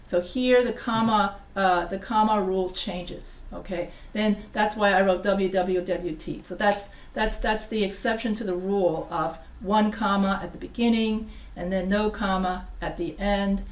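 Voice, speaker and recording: Writing teacher lecturing in an echoey room. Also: female voice, medium pitch, steady tone, unhurried, few pauses, distant mic. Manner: chatty, repeats and restarts, checks in with students. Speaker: writing instructor. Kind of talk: live class lecture.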